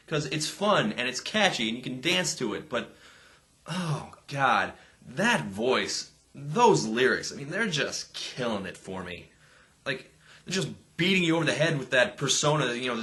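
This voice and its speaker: A man's voice: mid-range voice, pushed and bright. A man reviewing a pop song with sarcastic, exasperated commentary. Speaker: music reviewer. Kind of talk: comedic video review.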